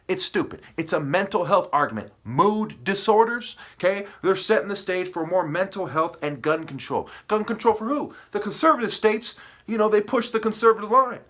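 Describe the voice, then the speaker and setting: A man's voice: sits high, lively intonation, brisk, a bit bright. A man ranting to the camera, agitated and profane, hopping from wordplay to accusations and asking "okay?" and "right?" again and again. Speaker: video commentator.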